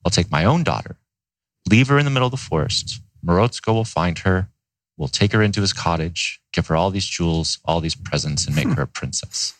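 A man's voice: deep voice, animated, fairly quick, no echo, low-quality recording. A man voicing a scheming wicked stepmother.

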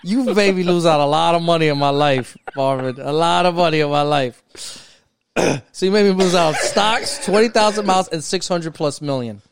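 A man hosting a casual podcast, talking in an animated, profane, mock-indignant way as he ribs his co-host. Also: on the high side, moderate pace, a little hiss or hum.

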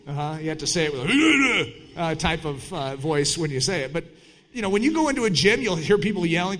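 A man preaching a sermon in an animated way, breaking into shouted mock voices. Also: a little high, brisk.

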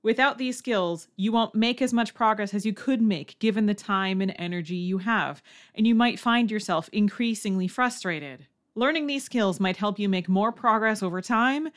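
A woman hosting a language-learning podcast, reading a scripted lesson and acting out learners' questions in a higher voice. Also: normal speed. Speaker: language teacher and podcast host.

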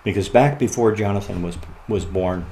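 Deep-ish voice guy telling his story, earnest, goes quiet and halting, faint hiss behind. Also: low-quality recording. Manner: earnest, quiet and halting in grief, laughs at lighter moments. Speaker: podcast guest. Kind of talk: personal story in conversation.

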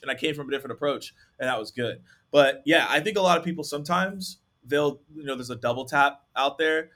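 Man, podcast host, casual storytelling, animated, slightly high, bright tone. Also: fast talker. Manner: animated, talks with many likes. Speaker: podcast host and sales rep.

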